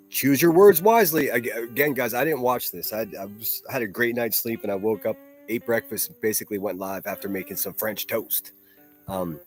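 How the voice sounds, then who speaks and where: A man hosting a solo livestream, ranting in a profane, mocking and combative way. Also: medium pitch. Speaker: livestream host.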